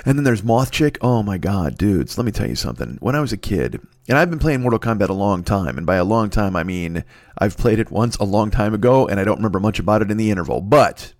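A man's voice: lowish voice, lively intonation, quick pace, darkish tone, no echo. Profane rambling man hosting a podcast. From United States. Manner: profane, rambling, self-mocking. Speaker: podcast host. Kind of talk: comedic solo podcast monologue.

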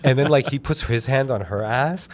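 A young man hosting a casual comedy podcast, retelling a movie in a rambling, animated way and slipping into silly voices. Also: medium pitch, normal speed. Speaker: podcast host.

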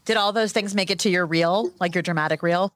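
A woman's voice: lowish voice, a little fast, fairly bright tone. A woman interviewer asking questions in a playful, casual way. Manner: playful, laughs along.

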